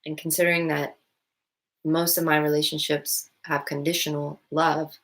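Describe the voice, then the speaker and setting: In a rambling reflective monologue, this woman vlogger, who is a stepmom, thinks aloud casually, restarting often and saying "like" a lot. She speaks at normal speed in a low-pitched, level voice with a fairly bright tone.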